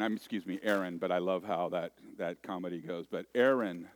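A man's voice: low-pitched, steady tone, brisk, few pauses, no echo. Male pastor, 40s, chatty sermon, jokes at his own expense, dry close sound. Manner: joking, self-deprecating, storytelling. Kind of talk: conversational sermon.

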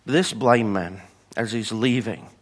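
In a fairly low voice and at a slightly slow pace, a man preaches, recounting personal experiences and voicing the people in them in an animated way. He is a pastor.

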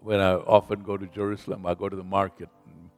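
A man preaching a sermon as pastor, slow and emphatic, leading the congregation in call-and-response and rising in volume on scripture. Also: low-pitched, flat delivery. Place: church sanctuary. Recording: reverberant hall with faint music.

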